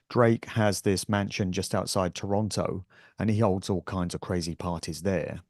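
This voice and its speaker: A man's voice: on the low side, a little mellow, no echo, studio quality. A male guest on a talk show, holding forth emphatically and scornfully in casual conversation. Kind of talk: casual chat.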